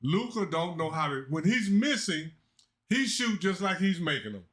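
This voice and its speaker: Skeptical co-host, slow and measured. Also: male voice, high voice, sing-song, fairly bright tone. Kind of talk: casual sports talk.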